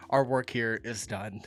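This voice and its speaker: A man's voice: lowish voice, no echo. An American man hosting a reaction video, reading comments aloud and laughing often. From United States.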